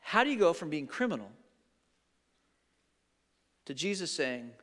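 High, bright-voiced middle-aged man preaching. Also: measured pace. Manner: animated storyteller acting out quotes. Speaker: pastor. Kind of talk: sermon with storytelling. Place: large church sanctuary. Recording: long hall reverb.

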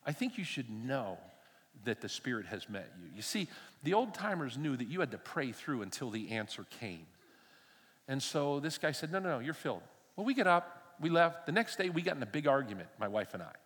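A man's voice: medium pitch, sing-song, a little fast, a bit bright, husky, big-room sound. An older man preaching a sermon from a church stage. He tells stories animatedly, acts out the dialogue and adds humorous asides. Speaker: pastor.

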